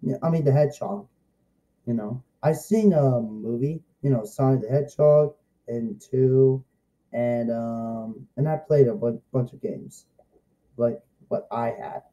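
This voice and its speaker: A young man vlogging a casual, excitable review, rambling and repeating himself. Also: mid-range voice, measured pace, dull audio.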